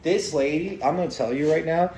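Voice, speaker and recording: A man's voice: fairly high pitch, brisk, noisy background. A man telling a rambling, profane story to camera, laughing between lines. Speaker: vlogger. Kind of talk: casual storytelling vlog.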